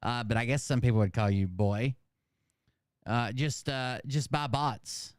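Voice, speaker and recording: A man's voice: mid-range voice, steady tone, unhurried, smooth, dry recording, clean studio sound. A man from the South, giving crude, sarcastic reaction commentary as host. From American South.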